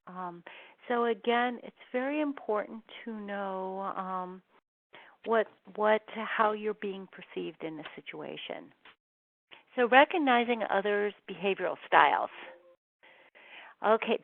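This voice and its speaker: A woman's voice: medium pitch, creaky, dry recording. A woman giving a webinar presentation in a conversational way, with many ums and restarts. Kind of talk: presentation on communication styles. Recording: tinny phone-line audio.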